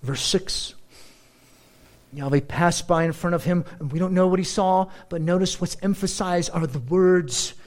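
A middle-aged man preaching as a pastor, shifting between slow, weighty phrases and quick, animated asides. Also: high-pitched. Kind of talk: sermon.

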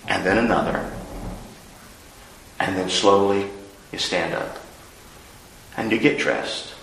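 Guy preaching a sermon, bright forceful voice, roomy echo, goes loud then real quiet. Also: low-pitched, slow, creaky, slight background noise. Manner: earnest, swinging between loud emphasis and hushed lines. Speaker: pastor.

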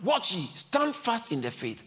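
Speaking a little slowly, a preacher urges his church audience on, returning to the same point while rising from soft calm passages to shouts. The congregation answers him live.

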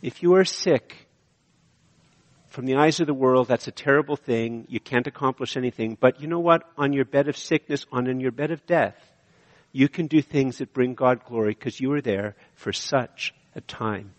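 A middle-aged man preaching a sermon as pastor, impassioned and repetitive, swinging from hushed lines to loud ones. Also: medium pitch, moderate pace. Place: church sanctuary. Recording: long hall reverb.

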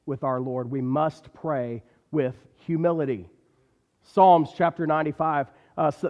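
A man preaching a sermon in a church, with an emphatic, repetitive cadence. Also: on the high side. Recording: dull recording with long hall reverb.

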